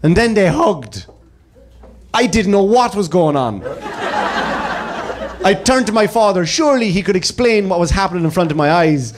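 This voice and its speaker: A man in his thirties from Ireland with an Irish accent, telling jokes in a deadpan stand-up comedy set on a club stage. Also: sits high, normal speed. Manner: deadpan storytelling with punchlines. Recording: live club recording with crowd noise. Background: audience laughter and room noise.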